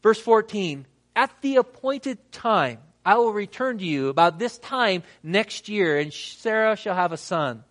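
A man with a fairly high voice preaches a sermon. He reads scripture aloud and acts out the quoted lines. He leaves dramatic pauses between phrases. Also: expressive, fairly bright tone. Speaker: pastor.

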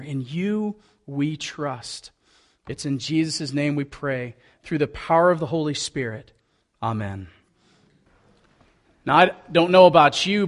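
A man preaches in an earnest, conversational way, reading scripture and leading prayer. His voice sits a little high for a man, and he slips in folksy asides as he goes. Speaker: pastor.

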